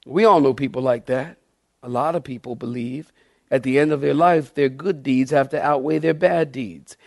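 A man's voice: medium pitch, moderate pace, creaky, no echo, studio quality. A middle-aged man preaching a sermon as pastor, emphatic, repeating key phrases and asking the congregation questions.

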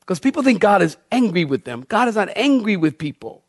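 A man's voice: high voice, very animated, brisk, no room sound, clean studio sound. A male pastor preaching a sermon to a congregation, telling a story with humor and big swings in his voice.

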